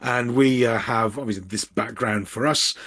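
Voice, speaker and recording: A man's voice: mid-range voice, normal speed, a bit bright. Dry-humored middle-aged man vlogging from his office. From Birmingham, England. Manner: dry, joking, self-mocking. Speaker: business coach. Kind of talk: casual talking-to-camera tips vlog. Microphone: camera at eye level with ring light.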